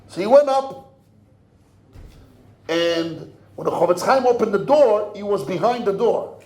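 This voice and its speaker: Older rabbi telling a story, high voice, hushed then crying out, roomy echo. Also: male voice, animated, a little slow. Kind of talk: sermon. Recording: echoey room.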